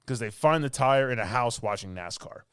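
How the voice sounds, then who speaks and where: A man's voice: mid-range voice, lively intonation, a little fast, fairly bright tone, clean tone, dry recording, studio quality. A man co-hosting a podcast, casually recapping a movie in a rambling, filler-heavy way and laughing often. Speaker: podcast co-host.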